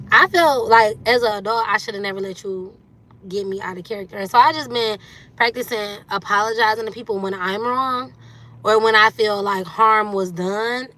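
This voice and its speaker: A woman, hosting a livestream and telling stories candidly in casual chat, acting out quotes with sudden leaps up in pitch. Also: bright, forceful tone. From Detroit, USA. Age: 30s. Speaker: livestream host.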